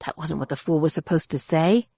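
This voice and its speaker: Woman, very low voice, dry close sound, dramatic audiobook narration. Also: brisk, dark tone, slightly rough, no echo. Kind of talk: scripted narration.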